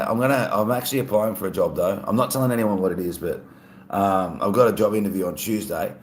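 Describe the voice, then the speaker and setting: A man's voice: fairly low pitch, echoey room, a little hiss or hum. Australian man chatting on a morning stream. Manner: relaxed, chatty, laughs often. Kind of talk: casual live-stream chat reading comments.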